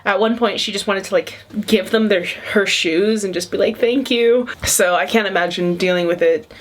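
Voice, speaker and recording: A woman's voice: mid-range voice, moderate pace. A woman in her twenties chatting casually and emotionally as she reacts to a video, rambling with many fillers. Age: 20s.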